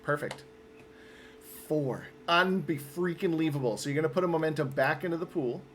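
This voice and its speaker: A man's voice: a little high, a little fast, slight background noise. A man running a tabletop roleplaying game as game master, upbeat and patient as he explains the rules step by step.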